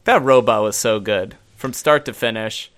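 A man co-hosting a casual chat, talking in an animated, rambling way with many fillers and frequent laughs. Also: on the low side, normal speed. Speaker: podcast co-host.

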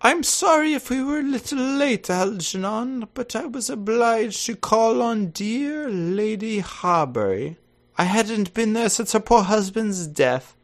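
Guy doing a posh old aristocrat lady, high fake voice, slow, a bit gravelly. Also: animated. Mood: haughty. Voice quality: high falsetto, prim and grand.

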